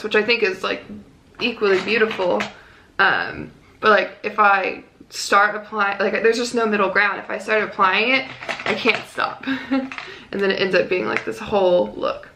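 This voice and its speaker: Young woman vlogger, lilt, chatty and self-deprecating, bright tone with vocal fry, faint room hiss. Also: medium pitch. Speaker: beauty vlogger. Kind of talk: casual makeup tutorial chat.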